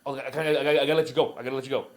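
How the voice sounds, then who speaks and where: A young man co-hosting a podcast, telling stories in fast, profane casual chat. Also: medium pitch, steady tone. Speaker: podcast co-host.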